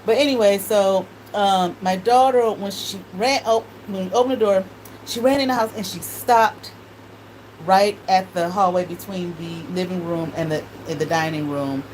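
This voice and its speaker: A woman's voice: medium pitch, moderate pace, a little mellow, a little hiss or hum, low-quality recording. Laughing, profane storyteller woman. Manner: profane, laughs often, quotes others in voices. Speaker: tarot reader and channel host. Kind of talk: casual storytelling monologue.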